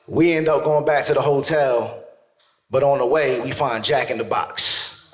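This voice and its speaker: A male stand-up comedian telling a profane story, animated and shouting his punchlines on stage. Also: mid-range voice, normal speed, echoey room.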